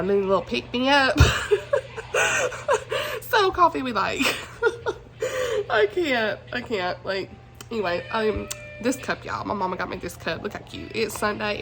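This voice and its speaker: A woman with a medium-pitched, fairly bright voice chats casually as a book vlogger in a rough recording. She's talkative and giggly and often says "y'all."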